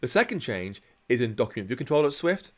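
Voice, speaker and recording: A man's voice: medium pitch, sing-song, quick pace. A man teaching programming on a live stream, chatting and explaining each step as he works. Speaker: programming instructor. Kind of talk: live-streamed coding tutorial.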